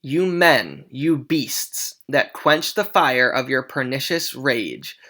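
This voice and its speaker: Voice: mid-range voice, animated, takes it slowly, bright, forceful tone, heavily acted. A teacher reading a stern, commanding prince aloud from the play, declaiming with small slips.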